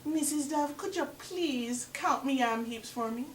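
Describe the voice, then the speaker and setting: Greedy male spider trickster from a folktale, high wheedling voice, put on by a woman storyteller, echoey room, heard from a distance. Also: a little slow, a little hiss or hum. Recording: roomy echo from far off.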